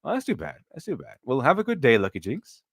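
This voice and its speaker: A man's voice: medium pitch, wildly swooping pitch, fast talker, husky, no room sound, clean studio sound. A man hosting a casual live stream, rambling with many restarts and mocking critics sarcastically.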